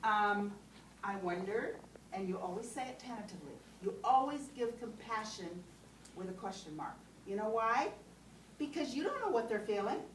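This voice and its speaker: A woman with a fairly high voice teaches a class and keeps checking in with the group. She is recorded from a distance in a room with lots of echo. Faint noise sits behind her. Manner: talks with frequent "okay?" checks, asks the class questions. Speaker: trainer. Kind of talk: teaching a class on compassionate listening. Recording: roomy sound from a distant mic with faint background noise.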